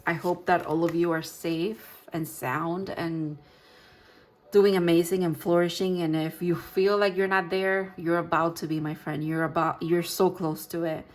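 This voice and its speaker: A woman giving a gentle, reassuring tarot reading, talking in loose, rambling sentences with restarts. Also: lowish voice, fairly even intonation, measured pace. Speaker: tarot reader. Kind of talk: pick-a-card tarot reading.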